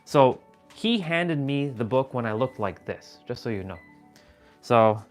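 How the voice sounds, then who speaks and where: A man hosting a livestream from a room at home, telling a personal story in a casual, animated and confessional way, swearing freely. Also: medium pitch, unhurried, soft background music. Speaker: livestream host.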